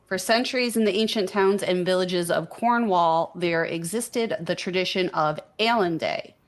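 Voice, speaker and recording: A woman co-hosting a live paranormal news show, chatting casually and reading out news items. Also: lowish voice. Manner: relaxed, chatty, laughs along.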